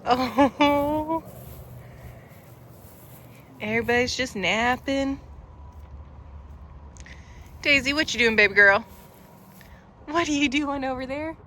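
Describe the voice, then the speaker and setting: Woman co-host, slow, higher cooing voice, outdoors. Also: sharp tone, a little hiss or hum. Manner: cooing baby talk to animals. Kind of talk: casual farm vlog. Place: outdoors on a farm.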